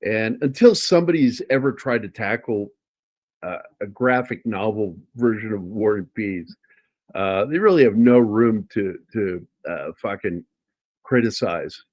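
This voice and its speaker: A man's voice: on the low side, expressive, unhurried, a little mellow, highs cut off. A middle-aged man, a comic artist, chatting casually about his work in a rambling way, with frequent restarts and casual swearing. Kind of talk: casual chat.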